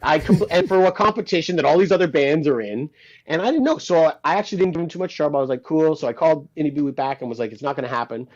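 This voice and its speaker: Speaking rapid-fire in a voice on the high side, a man interviewed about his work as a guitarist and producer tells lively, casual stories. He performs the quoted lines and swears casually, and the sound is dull and lo-fi.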